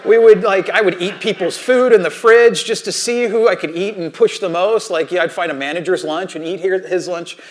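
Male speaker, high-pitched, rambling storyteller, uses personal anecdotes to make a motivational point. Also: moderate pace, hardly any pauses. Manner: chatty storytelling, many "like" and "you know" asides. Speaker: speaker addressing an audience.

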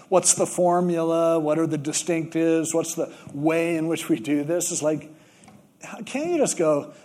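Male pastor, sermon, storytelling, voice a bit high. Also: darkish tone. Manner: storytelling, acts out quoted voices.

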